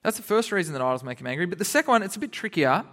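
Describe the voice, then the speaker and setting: Man, high voice, kids' bible lesson, animated, laughing, acts out characters. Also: rapid-fire. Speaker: children's Bible teacher. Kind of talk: lively kids' sermon.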